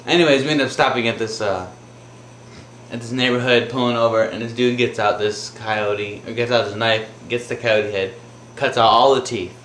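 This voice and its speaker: A man's voice: mid-range voice, fairly even intonation, normal speed, fairly bright tone, echoey room, slight background noise. A man casually telling a true anecdote, rambling with filler words. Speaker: storyteller.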